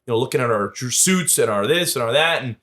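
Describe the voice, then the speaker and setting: In a relaxed storytelling interview, this podcast guest talks fast in a mid-range voice, bringing his anecdotes to life and performing each quoted voice.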